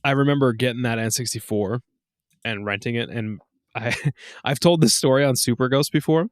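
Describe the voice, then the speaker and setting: A man in his thirties co-hosting a casual podcast, telling stories with lots of swearing and acting out quotes in a high voice. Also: moderate pace, no echo, studio quality. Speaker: podcast co-host. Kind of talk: casual chat.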